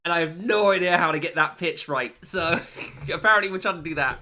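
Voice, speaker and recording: A man's voice: a little high, a little fast, bright, forceful tone, slight background noise. A young man streaming a game, chatting casually with his viewers, joking and laughing often at himself. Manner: laughs a lot, joking, self-mocking. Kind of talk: casual live-stream chat.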